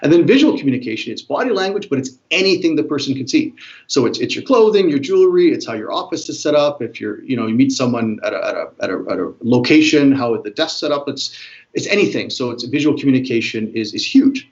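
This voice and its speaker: A man's voice: mid-range voice, highs cut off. A man, a body language expert, explaining communication in an interview and acting out different tones of voice as examples. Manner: fast, animated, demonstrates tones of voice.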